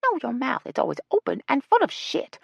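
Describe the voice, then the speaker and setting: Fussy older woman, prim and touchy, voiced high by a female narrator. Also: huge pitch swings, fairly quick, vocal fry, slightly rough, no room sound, exaggerated voice. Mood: huffy. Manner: prim, huffy, high-strung.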